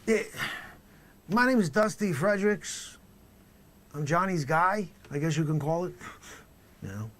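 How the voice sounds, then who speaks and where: A man voices a swaggering, boastful middle-aged drug dealer for a comedy sketch, brash and tough-talking, swinging between loud claims and low mutters. The delivery is measured and lively in intonation, with frequent pauses.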